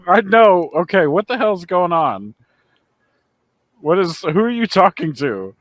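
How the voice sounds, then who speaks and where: A man's voice: high-pitched, big pitch swings, measured pace, dry recording. A man playing a tabletop game, teasing and joking with the game master. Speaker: player. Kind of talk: casual tabletop play.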